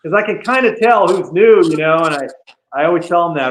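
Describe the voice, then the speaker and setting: A man's voice: a little high, lively intonation, brisk, fairly bright tone, slight background noise. A man talking as a podcast guest, telling stories casually with lots of "you know" and "man.". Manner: chatty storyteller, frequent "you know" and "man". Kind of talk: casual chat. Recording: echoey room.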